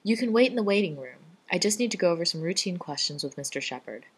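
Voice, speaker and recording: A woman's voice: fairly low pitch, lively intonation, fast talker, breathy edge. A woman voicing a sincere, earnest young male doctor. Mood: stern. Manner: firm then gently sincere.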